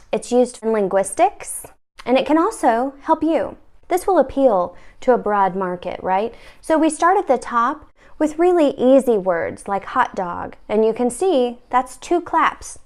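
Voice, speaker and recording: A woman's voice: fairly high pitch, a little mellow. A woman hosting a comic instructional video about real estate, talking in a wry, mock-stern, playful way.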